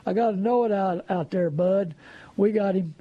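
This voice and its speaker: A man voicing a slick, fast-talking male car salesman with flattering, pushy patter. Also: high-pitched, dull audio. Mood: smug.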